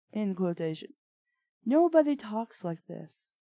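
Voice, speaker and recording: A woman reading bad fan fiction aloud, breaking off for deadpan sarcastic asides. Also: medium pitch, measured pace, no room sound. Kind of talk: dramatic reading with sarcastic commentary.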